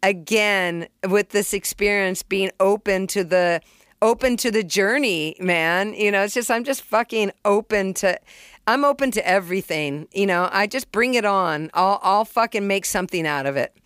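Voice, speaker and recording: A middle-aged woman tells her stories with an open, unguarded energy. She swears freely and acts out beats and sounds as she goes. Her voice is smooth and clear, recorded close and dry. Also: mid-range voice, moderate pace, fairly bright tone, no room sound. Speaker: songwriter and producer, interview guest. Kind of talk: casual storytelling in an interview.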